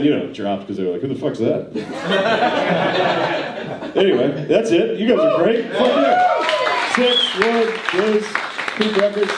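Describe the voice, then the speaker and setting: A man doing stand-up, telling a long profane story in a loose, laughing way before a live audience. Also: on the high side. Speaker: stand-up comedian. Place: large studio theater with live audience. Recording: roomy hall, distant mic, loud audience laughter.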